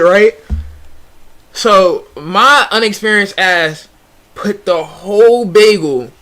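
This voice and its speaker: High-voiced young man telling a casual story. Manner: animated, slangy, frequent restarts and "bruh". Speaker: streamer.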